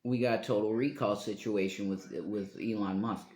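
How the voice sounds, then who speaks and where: A man's voice: on the low side, steady tone, moderate pace, darkish tone. A man talking on his own live stream in a meandering, profane monologue, often trailing off mid-sentence. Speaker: livestreamer. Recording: roomy echo.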